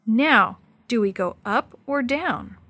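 A woman reading the lines of a practical, level-headed young girl in a children's story, with a calm and decisive delivery. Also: on the high side, slow, dry recording, heavily acted. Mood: steady.

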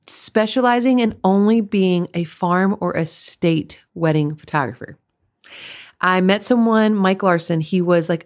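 A young adult woman hosting a podcast, talking through her photography business in a chatty, animated way with quick asides. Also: lowish voice. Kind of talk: casual solo podcast talk.

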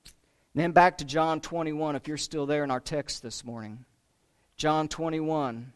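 A man preaching a sermon, retelling a story with emphatic rises and hushed drops. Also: on the high side, fairly even intonation, unhurried, smooth. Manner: emphatic, dramatic retelling with rising and falling intensity.

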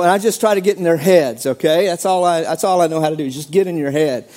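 A man preaching a sermon as pastor, animated, acting out quoted voices with sudden jumps in pitch. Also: fast, few pauses.

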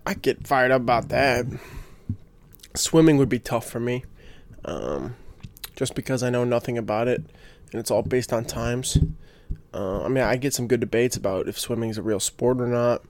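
A man's voice: medium pitch, moderate pace. A young man hosting a casual solo podcast, rambling with lots of fillers and restarts and getting fired up about sports. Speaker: podcast host.

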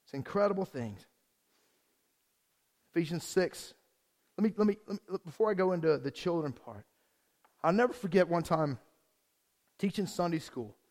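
A male pastor preaching a lively sermon, joking with the congregation and shifting quickly between reading and storytelling. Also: high-pitched.

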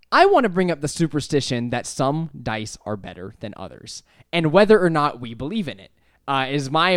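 A young man hosting a casual podcast, telling stories with lots of laughs and animated voices. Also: on the high side, dry recording, studio quality. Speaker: podcast host. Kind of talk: casual chat. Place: apartment.

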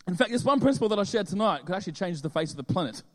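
Chatty pastor with a high voice. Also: male voice, animated, rapid-fire. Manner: chatty, joking, many fillers. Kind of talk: casual sermon. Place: church hall with audience. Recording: reverberant hall.

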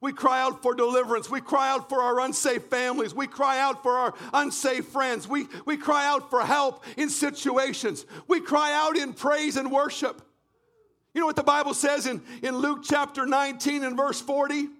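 A man from Canada preaching a fervent sermon, often shouting and repeating phrases in a church. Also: very high voice, little pitch movement, moderate pace. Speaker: pastor.

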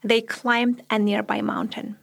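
Creaky-voiced woman narrating a documentary story. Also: medium pitch, level tone, a bit bright. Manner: measured storytelling, reflective. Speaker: podcast host and narrator.

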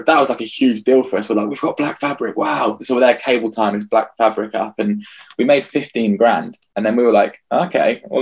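Man, 30s, husky, lowish voice, lively anecdotal storyteller in interview. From England. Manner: lively anecdotal, acts out his own past lines. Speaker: festival founder.

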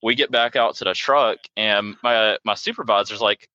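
Man, podcast co-host, bright forceful tone, rambling storyteller, dull dry lo-fi sound. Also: lowish voice, moderate pace, dry recording. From South Carolina. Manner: laid-back, rambling, self-mocking with many fillers. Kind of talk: casual storytelling chat.

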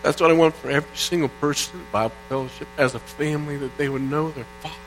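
A middle-aged man from Indiana preaching a sermon, reading psalms aloud in an earnest way that swings between quiet and loud. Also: a little high, fairly even intonation, fast talker. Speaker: pastor. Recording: faint mains hum. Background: faint mains hum.

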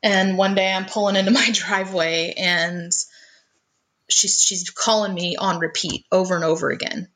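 An earnest woman recounts a painful family story in a relaxed, conversational way. Her voice sits a little low for a woman, and she often stumbles and repeats her first words before pressing on. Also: moderate pace. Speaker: guest telling her life story.

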